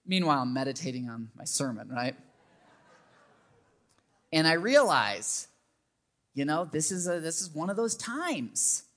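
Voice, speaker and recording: A man in his thirties, a pastor, preaching a sermon in an earnest, conversational way that grows animated when he tells stories. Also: a little high, a little slow, pauses often.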